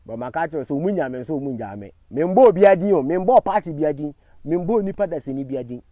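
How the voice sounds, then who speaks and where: A man with a Ghanaian accent, giving a defiant live-stream talk, swinging from loud declarations to low murmured thanks to viewers. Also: lively intonation, fast talker, dry recording, muffled recording. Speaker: online commentator.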